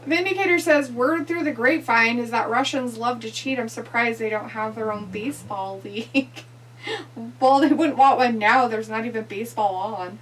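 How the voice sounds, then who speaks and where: A woman's voice: on the high side, normal speed. A woman co-hosting a livestream, chatting casually, reading viewer comments aloud and laughing often. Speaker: livestream co-host. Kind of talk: casual chat while watching wrestling. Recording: distant mic with faint hum.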